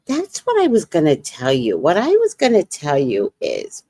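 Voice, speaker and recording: A woman hosting a casual livestream as a psychic reader, telling stories with animated, acted-out dialogue. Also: low-pitched, moderate pace, dry recording, studio quality. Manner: animated storytelling, acts out dialogue.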